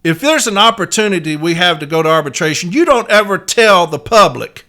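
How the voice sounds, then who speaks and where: A man's voice: high voice, lively intonation, fairly quick, bright, forceful tone. A man hosting his own podcast, ranting angrily and cursing freely, talking as a union letter carrier. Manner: angry, profane, emphatic. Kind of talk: heated solo podcast rant.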